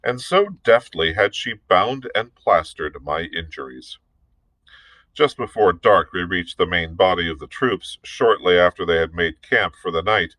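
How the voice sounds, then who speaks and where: A male librarian reads a novel aloud at a measured, deliberate pace, now and then tripping on a word and starting it again. His voice sits low, and the recording is close and dry, with no echo around him. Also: pushed and bright. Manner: measured, deliberate reading with small slips and restarts.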